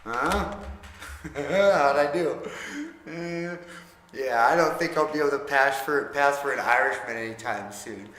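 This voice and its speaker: A man chatting casually to camera as a vlogger, relaxed and self-deprecating. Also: medium pitch, normal speed, few pauses, a little hiss or hum. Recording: echoey room with long reverb.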